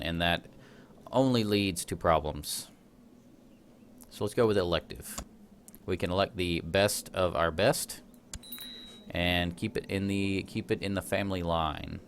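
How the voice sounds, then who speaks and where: Let's play host, male, low voice, casual and self-deprecating, faint background noise. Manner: chatty, self-deprecating, laughs at himself. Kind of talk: casual gameplay commentary.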